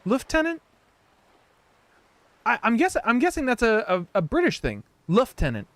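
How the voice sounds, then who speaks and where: A man's voice: very high voice, huge pitch swings, quick pace, a bit bright, no room sound. An American man streaming a video game, giving casual, joking commentary with rambling asides. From United States.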